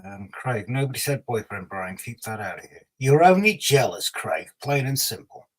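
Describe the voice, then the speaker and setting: A man's voice: mid-range voice, lively intonation, moderate pace, low-quality recording. A man hosting a casual livestream, reading out viewer comments and teasing them in a chatty way. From Scotland. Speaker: livestream host.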